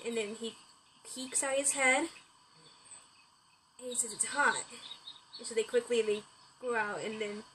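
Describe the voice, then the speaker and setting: A woman's voice: on the high side, fairly bright tone, slight background noise, low-quality recording. A woman improvising a story about caterpillars, rambling along with restarts and "he's like" quotes.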